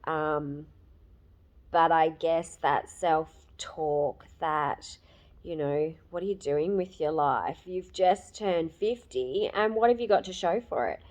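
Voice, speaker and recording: A woman in her fifties giving a candid, emotional personal testimonial, with many fillers and pauses. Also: lowish voice. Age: 50s. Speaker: program client giving a testimonial.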